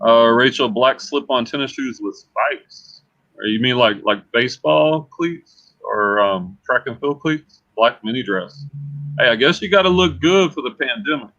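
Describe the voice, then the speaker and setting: A man's voice: mid-range voice, unhurried, a bit bright. A man hosting a casual livestream, chatty and repeating words as he thinks aloud. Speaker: livestream host and reseller. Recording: slightly dull lo-fi sound.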